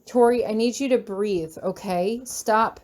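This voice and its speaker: A woman voicing a calm, stern male professor. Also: medium pitch, a little slow, close to an everyday voice. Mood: calm, firm.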